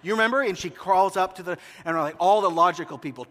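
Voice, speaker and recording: A fairly high-voiced man preaching from the pulpit, carried by a long hall reverb. He tells stories animatedly and acts out the scenes he describes. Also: fairly quick. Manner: animated storytelling, acting out movie scenes. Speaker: pastor. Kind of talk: sermon.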